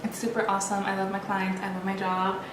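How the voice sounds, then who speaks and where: A woman's voice: medium pitch, monotone, fast, noisy background. Chatty young woman in an echoey room. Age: young adult. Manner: chatty, candid, rambling with many restarts and fillers. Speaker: beauty vlogger. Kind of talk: casual get-ready-with-me chat. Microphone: built-in camera mic.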